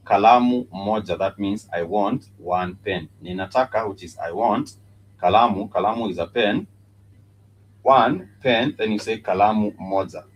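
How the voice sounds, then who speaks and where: Kenyan man teaching slowly. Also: on the low side, slight background noise, rough recording. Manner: patient, repeats words and spells them out. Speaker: Swahili teacher. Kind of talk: live-streamed language lesson.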